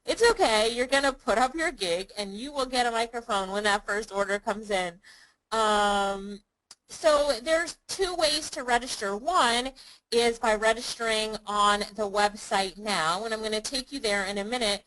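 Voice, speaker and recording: Bright, upbeat woman hosting a webinar. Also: a little high, moderate pace, rough recording. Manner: upbeat, addresses viewers by name, chatty. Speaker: online business course host. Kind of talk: live webinar presentation.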